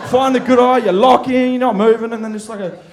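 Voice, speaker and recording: A man's voice: extremely high pitch, fairly even intonation, fast talker, slight background noise. A man doing a rambling, profane stand-up set on a comedy club stage. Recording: roomy club with loud crowd laughter.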